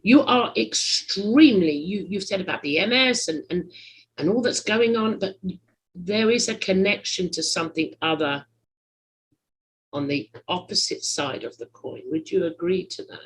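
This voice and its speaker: A husky podcast host talks at length in a loose interview, hunting for words and teasing the guest. Pitch and loudness leap up and drop away as the thoughts tumble out, sitting in a middle register overall. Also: moderate pace, low-quality recording. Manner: rambling, searching for words, teasing; big swings in pitch and loudness. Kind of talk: conversational interview.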